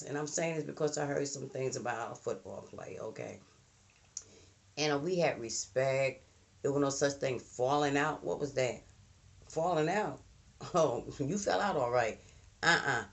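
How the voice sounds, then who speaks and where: A woman's voice: deep voice, vocal fry. A middle-aged woman, telling emphatic old-school stories in a casual monologue and mimicking the people she quotes.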